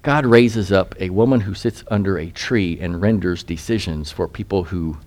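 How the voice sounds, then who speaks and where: A man's voice: low-pitched, moderate pace, a little mellow. A male pastor giving an expository sermon, reading scripture aloud and putting rhetorical questions to his listeners.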